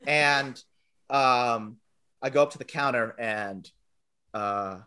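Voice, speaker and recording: A man's voice: mid-range voice, takes it slowly, pushed and bright, smooth. A young man telling a funny anecdote over a video call, rambling and self-deprecating, often restarting sentences. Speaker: storyteller guest on a game show.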